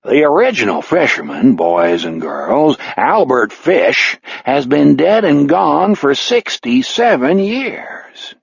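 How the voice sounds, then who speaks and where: A man voicing a charged-up, heavyset male radio announcer in an audiobook, with a slow, booming showman delivery and a husky tone. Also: sing-song, no echo, dull audio, full character voice. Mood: hamming. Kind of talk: audiobook character voice.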